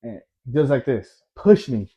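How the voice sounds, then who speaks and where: A man's voice: mid-range voice, very animated, normal speed, slightly rough, highs cut off. A man in his thirties casually telling a personal story to camera, rambling and conversational, often tagging lines with "right?". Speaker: storyteller, army veteran.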